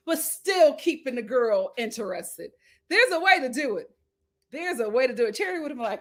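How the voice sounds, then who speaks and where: A woman with a somewhat high voice talks through a reality show recap in a loose, chatty way. She reads viewer comments aloud and says her points twice for emphasis. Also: expressive, brisk, pushed and bright. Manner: emphatic, repeats lines for effect.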